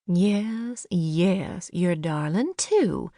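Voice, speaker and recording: A woman's voice: medium pitch, animated, no echo, studio quality. Genteel, wry older Southern lady, as a woman reads her. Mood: cooing. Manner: gentle, wry, unhurried.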